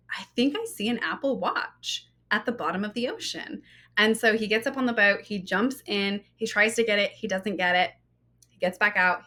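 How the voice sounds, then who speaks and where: A woman in her thirties hosts a podcast and tells a personal story in a loose, chatty monologue. Her voice is bright and forward, at a middle pitch for a woman. She keeps dropping in "like" and "you know" as she talks. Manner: animated and chatty, many "like" and "you know" asides. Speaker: podcast host.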